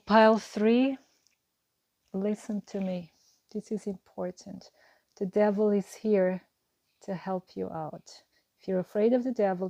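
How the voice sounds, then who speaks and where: A woman's voice: mid-range voice, dark tone. A woman giving an earnest, reassuring tarot reading to camera, musing and repeating her phrases as she goes. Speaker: tarot card reader.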